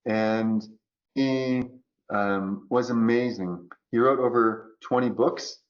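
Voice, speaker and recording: A man talking as a podcast guest about choice and resilience, acting out quoted voices in an animated way. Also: mid-range voice, slow pace, muffled recording. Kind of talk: conversational coaching talk.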